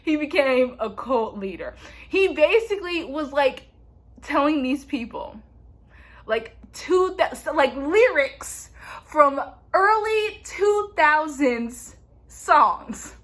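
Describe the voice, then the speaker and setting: A woman's voice: sits high, lively intonation, slow pace, a bit bright. A young woman vlogger recapping a TV show in a playful, chatty way, saying "like" constantly. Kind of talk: casual TV recap chat.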